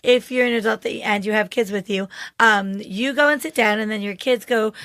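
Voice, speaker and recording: A woman's voice: mid-range voice, a little fast, fairly bright tone, no echo. A middle-aged woman co-hosting a podcast in a studio, chatting casually with lots of enthusiasm and frequent laughs. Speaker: podcast co-host. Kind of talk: casual chat.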